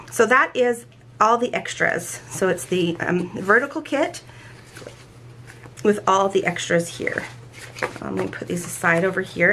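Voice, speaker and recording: A woman's voice: fairly low pitch, a bit bright, a little hiss or hum. A woman hosting a planner channel, talking casually and enthusiastically as she shows off stickers, often restarting her sentences. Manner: enthusiastic, rambling with frequent restarts. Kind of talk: casual show-and-tell haul.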